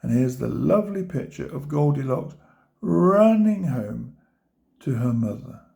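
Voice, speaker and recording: A man reading a children's storybook aloud, gently pointing out the pictures to his listeners. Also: on the high side, expressive, a little slow, vocal fry. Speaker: storybook reader.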